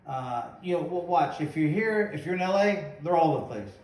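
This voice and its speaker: Middle-aged guy host, kinda high voice, rambly storyteller, echoey room far off the mic. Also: expressive, a little fast, a little mellow. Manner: rambling, acts out quotes. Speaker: host, former boxer. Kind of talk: casual storytelling chat.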